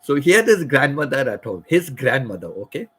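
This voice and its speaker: A middle-aged man tells a personal story in a loose, rambling way, repeating his phrases as he goes. His voice is husky and slightly breathy, sitting at an average pitch for a man. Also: very animated, a little fast, rough recording. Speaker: channel host.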